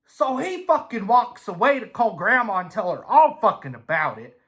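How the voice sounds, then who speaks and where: A man telling a casual, swear-filled story in an animated way. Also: high-pitched, normal speed. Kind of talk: casual anecdote.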